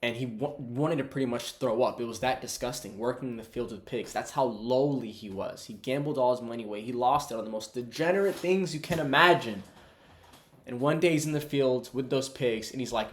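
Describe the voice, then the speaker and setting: A man's voice: mid-range voice, fairly quick, echoey room. A man giving a casual, conversational Bible teaching online and calling his viewers "bro". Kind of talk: casual preaching to camera.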